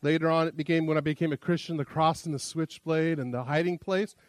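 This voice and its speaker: A man's voice: a little high, steady tone, fast talker, dry recording. A man preaching a sermon as pastor, a chatty, self-deprecating storyteller who often restarts his sentences.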